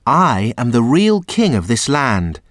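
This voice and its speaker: A man's voice: mid-range voice, huge pitch swings, normal speed, no echo. Captive boy king, sad and earnest, read by a man in his own voice, storybook, dry close sound. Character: sad young boy king held prisoner.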